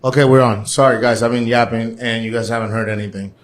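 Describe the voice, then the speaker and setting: A man's voice: medium pitch, level tone, fast talker, a little hiss or hum. Chatty man from Puerto Rico hosting a live stream. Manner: chatty, rambling, jumps between topics. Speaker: host. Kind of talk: casual live-stream chat. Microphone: phone or camera mic on a live stream.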